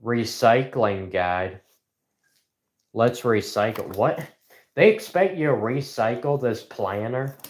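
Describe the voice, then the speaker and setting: A man rambling sarcastically on a livestream from inside a house, joking in deadpan asides. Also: medium pitch, slow. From rural United States. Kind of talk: rambling comedic livestream chat. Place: indoors in a house.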